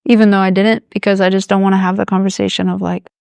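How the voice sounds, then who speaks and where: A woman's voice: medium pitch, level tone, quick pace, gravelly, a little mellow, smooth, no echo. A young woman, a podcast co-host, chatting casually and reflectively, hedging with fillers. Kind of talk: casual chat.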